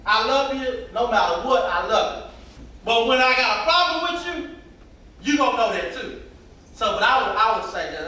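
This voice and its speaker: A man, preaching to young people in a relaxed, conversational way and acting out the voices of the people in his stories. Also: very high-pitched, normal speed. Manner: conversational preaching, acts out quotes. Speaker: youth pastor. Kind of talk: preaching to youth. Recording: echoey hall, voice from far off, faint noise.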